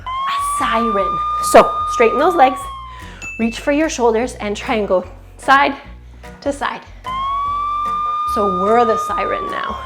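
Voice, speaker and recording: Upbeat young woman teaching kids yoga, high voice, slow and sing-song, soft music behind. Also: wildly swooping pitch. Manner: cheerful, encouraging, sings short chants and makes animal and siren sounds. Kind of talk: children's yoga class with sing-along.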